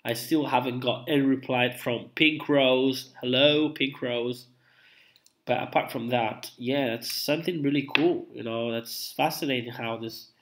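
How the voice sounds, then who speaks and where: A young man chats with his live-stream viewers while he is feeling unwell. His voice sits at an everyday middle pitch. He rambles, backtracks and fills the pauses with ums and uhs. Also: fairly even intonation, a bit bright. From Italy. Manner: chatty, rambling, with many fillers and restarts. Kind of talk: casual live-stream chat.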